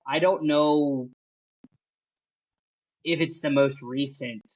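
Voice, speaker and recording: A podcast co-host, blunt and quick to exclaim and swear. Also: mid-range voice, steady tone, highs cut off. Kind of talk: casual chat.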